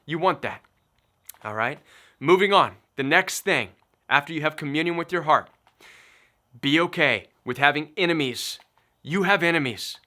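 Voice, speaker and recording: A middle-aged man talks listeners through a self-help lesson in a bright, forceful voice that sits a little high. He is emphatic and preachy, hammering his points with repetition. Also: animated, moderate pace, pauses often. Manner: emphatic, preachy, repeats key phrases. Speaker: recovery coach. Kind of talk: motivational self-help talk.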